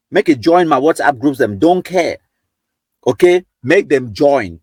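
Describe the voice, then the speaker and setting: A man's voice: fairly high pitch, expressive, a little slow, a little mellow, husky, dry recording. A Cameroonian man hosting a live stream, reading viewer comments aloud in a chatty mix of Pidgin and English.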